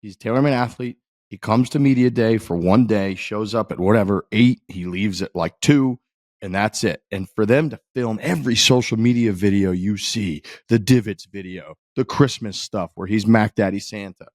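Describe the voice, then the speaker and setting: A man co-hosting a golf podcast, telling a long story in an animated, profane way and acting out other people's lines. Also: on the low side, normal speed, no echo. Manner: animated, profane, quotes others in his stories. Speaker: podcast co-host. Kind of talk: casual storytelling chat.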